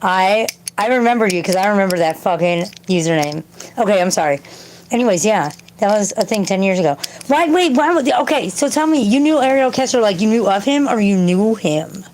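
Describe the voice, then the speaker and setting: A woman chats loosely on a livestream from her home, rambling from one thought to the next and swearing freely. Her voice sits at an ordinary middle pitch. A faint noise hums behind her. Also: fairly quick. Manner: profane, rambling, talks to chat and yells at her cat. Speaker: livestream host reading chat. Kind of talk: casual livestream chat. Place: home, indoors.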